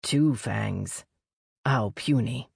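A woman's voice: very deep voice, drawn-out words, creaky, a little mellow, slightly rough, dry recording, clean studio sound, exaggerated voice. A woman voicing a blunt, mocking young male elf prince who trades insults.

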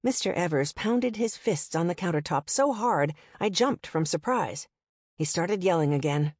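A woman giving a measured, first-person audiobook narration. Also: lowish voice, animated, a little mellow, husky, no echo, studio quality.

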